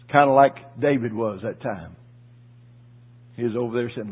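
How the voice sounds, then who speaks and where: A man preaching a sermon, telling a personal story in a folksy, emotional way with asides to the congregation, his voice husky. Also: mid-range voice, steady tone, moderate pace. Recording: tinny phone-like audio.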